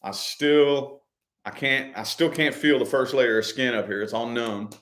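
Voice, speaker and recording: A man in relaxed conversation, telling a story at an ordinary, middle pitch. He swears freely and repeats his phrases as he goes along. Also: measured pace. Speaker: co-host of a couple's vlog. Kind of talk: casual storytelling chat.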